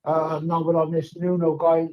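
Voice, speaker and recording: A man phoning in to a football talk show, nervous and halting as he rambles. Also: on the high side, completely flat delivery, dull audio. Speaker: phone-in caller. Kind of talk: casual chat.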